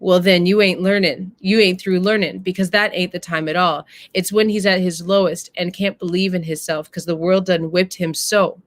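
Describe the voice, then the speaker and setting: Woman reading a wise, loving mother, measured and folksy, dry close sound. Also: on the low side, steady tone, no echo, natural voice. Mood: tender, instructive. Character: wise, loving mother scolding her daughter gently. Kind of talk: reading a play quote aloud.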